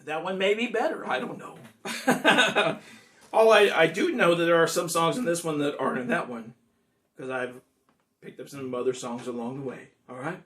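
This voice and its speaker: Between songs, this guitar-playing singer talks in a laid-back, homespun ramble, guitar still going in the background. He speaks a little high at a moderate pace, recorded from a distance.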